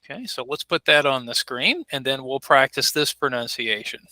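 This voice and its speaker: A man's voice: mid-range voice, expressive, moderate pace, pushed and bright, no echo, poor audio. A man teaching an online English class, patiently repeating words and modeling pronunciation on a video call. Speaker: ESL teacher. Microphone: computer mic on a video call.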